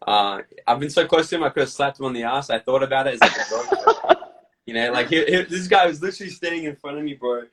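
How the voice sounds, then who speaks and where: Swearing guy telling stories on a chat show, husky, kinda far from the mic. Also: mid-range voice, very fast, hardly any pauses. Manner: blunt, profane, animated storytelling. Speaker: guest. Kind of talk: casual interview chat.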